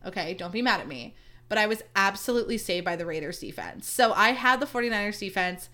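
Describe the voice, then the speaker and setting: Woman podcast host, chatty and mock-dramatic, crisp bright tone, mid-pitched. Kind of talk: casual solo chat.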